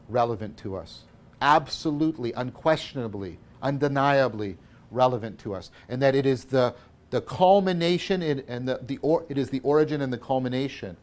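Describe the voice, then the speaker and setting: A man gives a philosophy lecture in a medium-pitched voice, working out ideas as he goes. Self-corrections come often, many points end with "right?", and he alternates between emphatic and hushed delivery.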